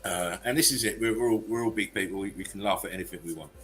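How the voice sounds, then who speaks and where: A man's voice: lowish voice, fast talker, fairly bright tone. A man hosting a livestream chat show, talking in a loose, chatty way and laughing easily. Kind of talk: casual chat.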